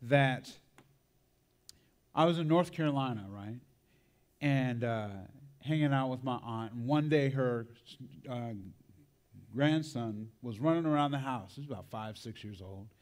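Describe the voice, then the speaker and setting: A man's voice: medium pitch, unhurried, pauses often, darkish tone. A man preaching a sermon, telling a personal story in a conversational way and tagging his lines with "right?" and "man".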